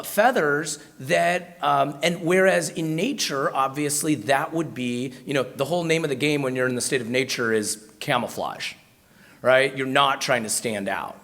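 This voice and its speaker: A man's voice: medium pitch, fairly bright tone. An American man giving a storytelling talk at a university, chatty and self-mocking, with lots of fillers and restarts. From United States. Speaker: guest speaker at a university.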